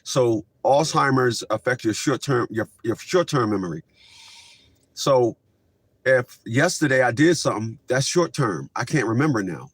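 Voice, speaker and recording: A man hosting a commentary show, reacting to clips in a casual, animated rant. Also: medium pitch, normal speed, slightly rough, dry recording. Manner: animated, rising to shouts when worked up.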